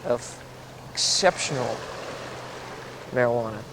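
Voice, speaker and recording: A young man telling a story in a casual interview, lively and acting out the voices he quotes. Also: mid-range voice, slow, vocal fry. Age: 20s. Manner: animated, laughs often, acts out quoted voices. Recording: 1970s tape with background noise.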